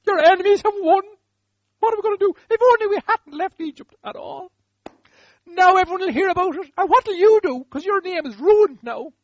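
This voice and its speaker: Guy putting on a desperate man wailing at God, super high and loud, dull lo-fi sound. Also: animated, fairly quick, dry recording. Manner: wailing, repetitive lament.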